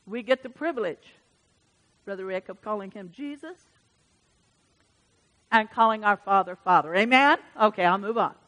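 Bright-voiced woman preaching in a reverberant church. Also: medium pitch, moderate pace, pauses often. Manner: animated, swings from hushed asides to loud emphatic bursts. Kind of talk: sermon.

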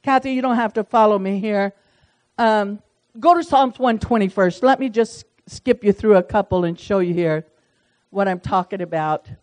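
A woman's voice: medium pitch, normal speed, darkish tone, poor audio. A woman leading a small-group Bible study, talking in a folksy, chatty way and reading verses aloud. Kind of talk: casual Bible study teaching.

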